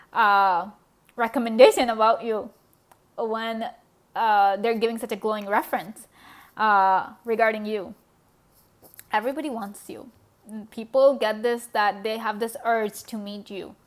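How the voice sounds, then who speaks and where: A woman giving a pick-a-card tarot reading in a chatty, gushing way, with many fillers and small laughs. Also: a little high. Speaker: tarot reader.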